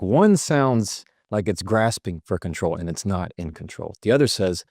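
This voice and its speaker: A man's voice: low voice, expressive, normal speed, hardly any pauses, a little mellow, no room sound, clean studio sound. A man speaking as a guest, giving conversational advice and stopping to act out short example lines. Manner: illustrates points with acted-out sample lines.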